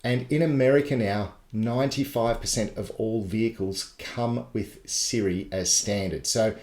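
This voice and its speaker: A man's voice: fairly low pitch, unhurried, darkish tone. A man running a live tech tutorial webinar, explaining things step by step in a chatty way. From Australia. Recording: echoey live broadcast.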